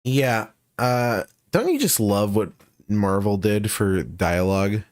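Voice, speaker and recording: A man's voice: on the low side, animated, slow, dry recording, studio quality. A man co-hosting a casual reaction chat, joking and sarcastic, swearing freely. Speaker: co-host reacting to a trailer.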